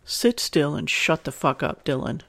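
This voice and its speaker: A man's voice: on the high side, unhurried, vocal fry, exaggerated voice. A cool commanding dominatrix, as a man puts her on. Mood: stern. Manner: calm, clipped orders. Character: commanding dominant woman in charge.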